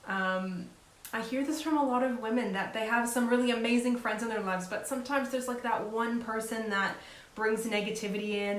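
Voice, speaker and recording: Earnest woman coach in an echoey room. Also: on the high side. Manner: earnest, encouraging, conversational with frequent "right?". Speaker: life coach. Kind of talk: casual advice talk. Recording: echoey room with faint hiss.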